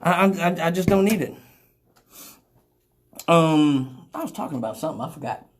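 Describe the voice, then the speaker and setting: A woman's voice: deep voice, expressive, normal speed. Brash, profane woman hosting a live show. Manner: profane, blunt and rambling; laughs often and acts out quoted voices. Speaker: radio show host. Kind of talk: live call-in radio talk.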